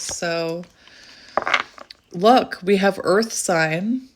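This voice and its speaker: A woman giving a channelled tarot reading in a chatty way, often breaking into excited exclamations. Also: lowish voice, measured pace, noisy background. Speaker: tarot reader.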